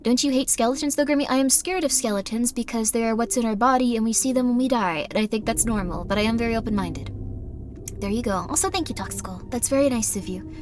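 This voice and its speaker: A woman's voice: on the high side, quick pace, darkish tone, soft background music. A woman streaming a game live, talking to chat in a rambling, earnest and apologetic way.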